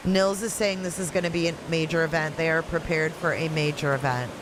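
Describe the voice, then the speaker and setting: Chatty Michigan woman over steady noise. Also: deep voice, fairly quick. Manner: chatty, reads viewer comments aloud and answers them. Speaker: livestream host. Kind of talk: casual live-chat stream. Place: at home in Florida riding out a hurricane.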